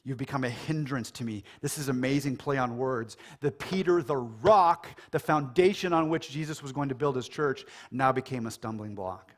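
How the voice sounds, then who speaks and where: An American man preaching a sermon in a casual, animated way, joking and acting out quoted lines. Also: mid-range voice, normal speed, hardly any pauses. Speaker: pastor. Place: church.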